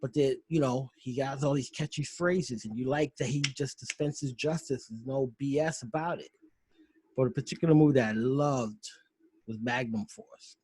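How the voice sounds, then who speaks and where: A man's voice: medium pitch, moderate pace, a little mellow, slightly rough, low-quality recording. A man hosting a podcast over a video call, retelling favorite scenes in an enthusiastic, rambling way. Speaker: podcast host. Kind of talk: casual commentary.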